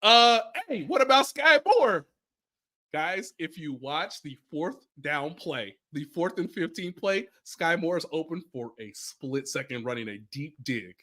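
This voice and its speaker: An American man talks football on a podcast with a lively, swooping delivery, leaning into repeated lines and quick impressions of players. His talk is loose and conversational, full of asides to the audience. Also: fairly high pitch. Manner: animated, repeats phrases, imitates players with quotes. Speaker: sports reporter and podcast co-host. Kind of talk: casual sports podcast chat.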